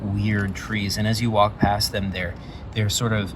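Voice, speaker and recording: His lowish voice stays level and unhurried as he casually walks through his paper game, rambling with plenty of "like" and "um." Background music plays amid heavy background noise.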